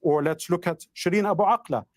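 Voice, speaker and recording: A man speaking in a recorded commentary clip, measured with hesitant fillers. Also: high-pitched.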